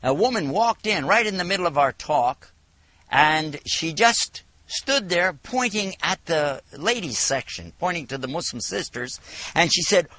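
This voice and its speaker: A man from the United States giving a televised religious lecture, telling stories with animated, acted-out dialogue. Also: on the high side, a little slow, no room sound. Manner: animated storytelling, acts out dialogue. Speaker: Islamic lecturer.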